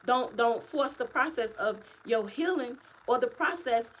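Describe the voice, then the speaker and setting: Woman on a livestream, kinda high voice, animated, keeps saying y'all, little bit of background hiss. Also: unhurried, low-quality recording. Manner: animated, repetitive, preachy, addresses viewers as y'all. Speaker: author and vlogger. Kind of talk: casual livestream talk to viewers. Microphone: phone or webcam, livestream.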